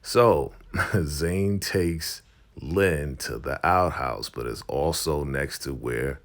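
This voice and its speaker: A man retelling a TV episode in a casual vlog, with animated, slangy storytelling. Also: rumbling low, takes it slowly. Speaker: show recap host. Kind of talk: casual show recap vlog.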